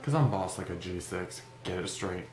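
A man's voice: sits low, lively intonation, moderate pace. A man vlogging in a goofy, rambling comedic monologue, joking in a mock-serious way. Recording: echoey room with background noise.

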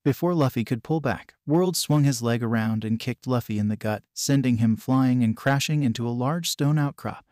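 A man reading a story as a scripted narration, in an even, unhurried way. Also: medium pitch, no room sound, studio quality. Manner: even, unhurried reading that voices punctuation aloud.

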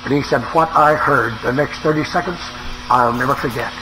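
A man's voice: medium pitch, brisk, background noise. A man preaching a sermon, telling a dramatic story with an emotional delivery. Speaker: evangelist preacher.

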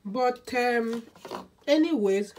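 A woman's voice: on the high side, slow pace, darkish tone, a little hiss or hum. A woman from Nigeria, talking in a casual vlog monologue as a hair oil seller, emphatic and repetitive. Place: indoors, lives in Sweden.

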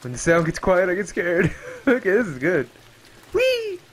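A man giving profane, excitable running commentary while playing a game, often yelping and exclaiming. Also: high-pitched, normal speed, slightly rough. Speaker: gameplay streamer. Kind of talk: let's play commentary.

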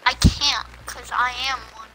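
High-pitched playful woman gamer. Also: fairly even intonation, measured pace, background noise. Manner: playful, silly, teasing. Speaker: stream co-player. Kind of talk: casual gaming stream chat.

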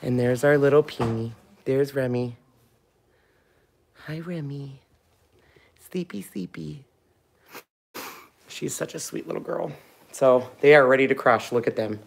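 A man hosting a casual live stream at home, talking fondly to puppies with soft baby talk. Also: medium pitch, a little slow, vocal fry, pauses often, slight background noise. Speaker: host of a live puppy stream.

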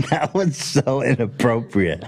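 Podcast host guy cracking up while scolding, slow drawn-out talk, pitch swinging all over. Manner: laughing through mock scolding, profane. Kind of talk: casual podcast chat.

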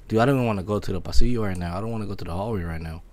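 A man giving casual commentary while playing a horror game, excitable, swearing and yelping when scared. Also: lowish voice, rapid-fire.

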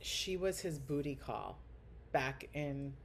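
A woman's voice: very deep voice, slow. A woman guest on a podcast, telling a story in casual chat, blunt and crude, acting out quotes with big jumps in her voice.

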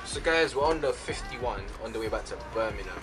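Young man vlogging over loud music. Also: mid-range voice, expressive, fairly quick. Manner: chatty, addresses viewers directly. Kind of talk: casual vlog narration.

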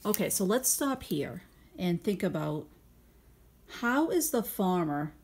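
A woman teacher reading a picture book aloud to young children at home over video, stopping to ask gentle guiding questions and explain her thinking patiently. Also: on the low side, very animated, slow, slight background noise.

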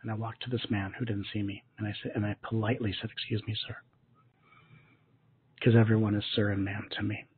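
Guy leading a soft gratitude meditation, calm and slow, muffled phone-ish sound. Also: fairly low pitch, a little hiss or hum. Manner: soft, slow and soothing, with gentle repetitions. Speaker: spiritual teacher. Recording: muffled lo-fi narrow-band audio.

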